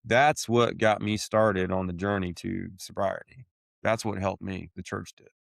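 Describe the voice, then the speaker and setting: A man with a fairly low voice tells his own story in plain, blunt terms. He swears casually and keeps calling his listener "man." The recording is dry and close, with no room echo. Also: little pitch movement, a little slow, creaky. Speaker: podcast host sharing his testimony. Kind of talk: candid conversational storytelling.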